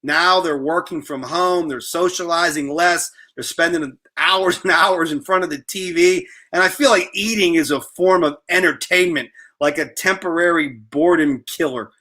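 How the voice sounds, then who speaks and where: A man's voice: a little high, normal speed, hardly any pauses, sharp tone. A man hosting an interview in a chatty, storytelling way, often repeating his words. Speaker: interview host. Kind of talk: casual interview chat.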